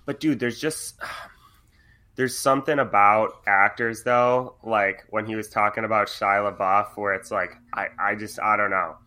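A man's voice: on the low side, steady tone, a little slow, sharp tone. A man co-hosting a podcast, talking bluntly and loosely, with plenty of swearing. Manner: blunt and profane, loose and conversational. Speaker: podcast co-host. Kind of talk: casual chat.

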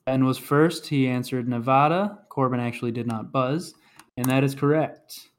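A man's voice: mid-range voice, moderate pace. A man hosting a casual podcast trivia game, reading clues and announcing scores.

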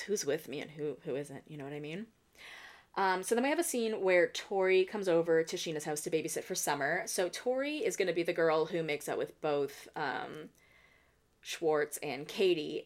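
A woman hosting a podcast, recapping a reality show in casual, opinionated chat with many "like" fillers. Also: on the low side. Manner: opinionated, chatty, heavy use of "like". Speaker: podcast host.

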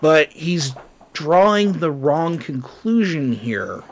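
A man with a somewhat high voice co-hosts a relaxed podcast. He talks in a chatty, loose way, full of fillers and little asides, and now and then reads from his notes. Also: takes it slowly, slight background noise. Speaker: podcast co-host. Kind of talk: casual chat, reading notes.

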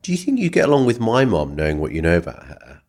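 A man's voice: fairly low pitch, huge pitch swings, fast, a little mellow. A man hosting a podcast, telling an anecdote in a rambling way with lots of "sort of" and "like". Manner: rambling, hedges a lot with "sort of" and "like". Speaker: podcast host. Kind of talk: casual storytelling interview.

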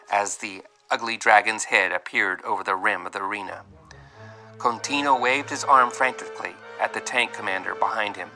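Bright-voiced man narrating a storybook. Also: fairly low pitch, low-quality recording. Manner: vivid, dramatic reading with voiced characters. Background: faint music.

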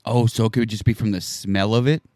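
A man's voice: on the low side, steady tone, brisk, darkish tone, no room sound, clean studio sound. A man in casual, crude banter, joking along and laughing often.

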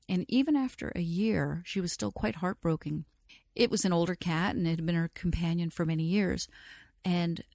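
Soft-spoken lady teaching aromatherapy, lowish voice, dry close sound. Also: dry recording. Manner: gentle, reassuring, addresses listener directly. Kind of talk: reflective teaching talk.

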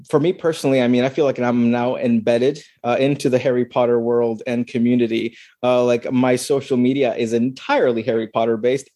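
Mellow-voiced man answering on a video call. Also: medium pitch, no echo, studio quality. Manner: rambling with many restarts and fillers. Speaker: filmmaker being interviewed. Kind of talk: casual interview answers.

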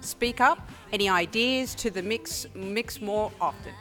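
Australian woman, halting read, casual video-call chat, faint music behind. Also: medium pitch, fairly bright tone.

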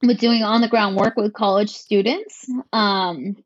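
A woman co-founder answering interview questions in a measured, articulate way, with a touch of dry sarcasm. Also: mid-range voice, fairly even intonation, no echo, lo-fi sound. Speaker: company co-founder.

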